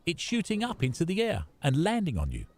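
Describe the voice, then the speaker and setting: A man's voice: on the high side, wildly swooping pitch, brisk, a little hiss or hum. A man with a British accent voicing a game's wry narrator with dry, playful storybook narration. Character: wry adult male storybook narrator of a game. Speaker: game narrator. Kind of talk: scripted narration.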